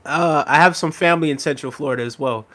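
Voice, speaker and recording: Man on a casual livestream, somewhat high voice, rambles and laughs, talks right to chat. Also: fast talker, pushed and bright. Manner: rambling and chatty, laughs often, addresses viewers directly.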